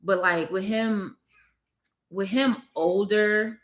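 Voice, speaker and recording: A woman's voice: medium pitch, slow pace. Tearful young mother confiding in viewers. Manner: candid, confiding, addresses viewers as y'all. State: tearful, on the verge of crying. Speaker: vlogger, mother of three. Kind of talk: emotional casual vlog chat. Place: at home, with her baby on her lap.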